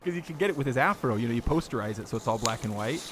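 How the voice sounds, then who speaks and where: A man's voice: medium pitch, expressive, rapid-fire, background noise. A man hosting a podcast, talking casually and rambling, often laughing as he tells stories. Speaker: podcast host.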